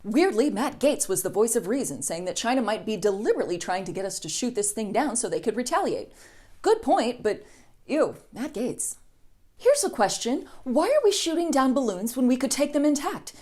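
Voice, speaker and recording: A woman's voice: on the high side, sing-song, normal speed, darkish tone. A woman hosting a satirical news monologue, sarcastic and snarky. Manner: sarcastic, snarky, with lots of mock voices. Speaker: news comedy host.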